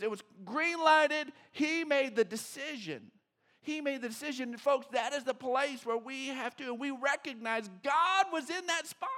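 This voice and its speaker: Male pastor, very high voice, sermon delivery, animated, acts out quotes. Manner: animated, acts out quotes, swings from loud to hushed. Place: church sanctuary.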